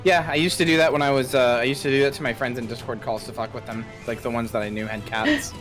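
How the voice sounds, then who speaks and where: A man's voice: medium pitch, fairly even intonation, quick pace, music in the background. A man streaming a game, chatting in a joking, laid-back way with frequent swearing. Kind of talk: casual gaming chat.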